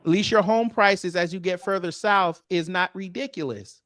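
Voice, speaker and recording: A man hosting a casual comedic talk show, loud and joking, teasing his co-host. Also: high voice, moderate pace, no echo, studio quality. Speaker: podcast host.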